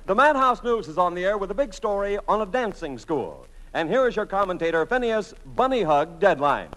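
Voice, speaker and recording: A man playing a goofy newsman and clumsy dance pupil in a 1940s radio comedy, with a gravelly, singsong delivery. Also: high voice, big pitch swings, fairly quick, a bit bright, rough recording. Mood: announcing.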